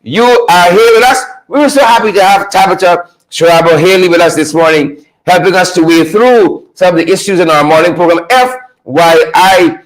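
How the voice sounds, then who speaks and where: A man hosting a live stream, greeting viewers by name and repeating his phrases with high energy. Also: moderate pace, few pauses, poor audio. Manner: repetitive, hypes viewers with shout-outs.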